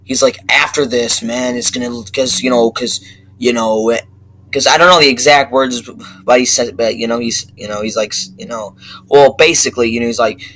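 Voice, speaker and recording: A young man giving a casual movie review, rambling and excitable, swearing constantly and restarting his sentences. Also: mid-range voice, normal speed, rough recording. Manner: profane, excitable, rambling with many fillers and restarts.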